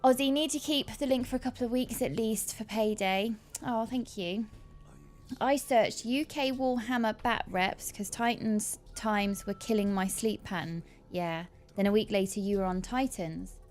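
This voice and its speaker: A woman co-hosting a casual livestream, chatty and quick to laugh as she reads out viewer comments. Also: medium pitch, a little mellow, faint music behind. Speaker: livestream co-host.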